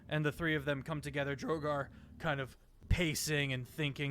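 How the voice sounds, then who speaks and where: A man's voice: fairly high pitch, little pitch movement, normal speed, hardly any pauses, a bit bright, clean tone. A man narrating as game master of a tabletop game, hesitant, with many fillers.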